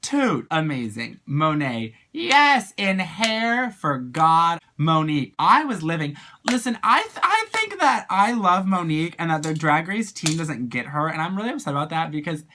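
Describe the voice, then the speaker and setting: A drag performer giving a casual video review, animated and gushing, full of slang and sudden high excited exclamations. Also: normal speed, hardly any pauses, a little hiss or hum.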